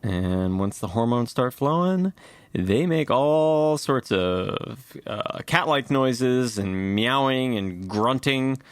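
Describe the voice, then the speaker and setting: A man's voice: medium pitch, expressive, slow, slight background noise. A man co-hosting a casual podcast, explaining bird facts in a chatty way with lots of fillers. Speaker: podcast co-host. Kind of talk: casual chat.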